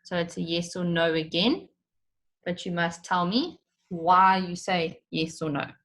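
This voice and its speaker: Woman teacher, lower voice, slow and patient, step-by-step lesson for kids. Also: steady tone, fairly bright tone. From South Africa. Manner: patient, explains step by step, repeats questions. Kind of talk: recorded online lesson for children.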